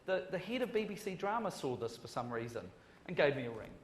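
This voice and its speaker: A man's voice: fairly high pitch, very animated, fast talker. A New Zealand man speaks on a conference panel, rambling and joking at his own expense, often restarting his sentences. His voice rings around an echoey hall over a faint background hiss. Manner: rambling, joking and self-deprecating, with frequent restarts. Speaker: panelist, screenwriter. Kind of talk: panel discussion.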